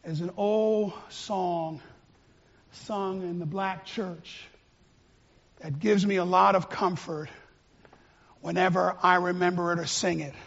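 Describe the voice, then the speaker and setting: High-voiced, slow-preaching male pastor. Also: fairly even intonation, vocal fry, muffled recording. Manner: impassioned, swings from quiet to shouting. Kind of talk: sermon.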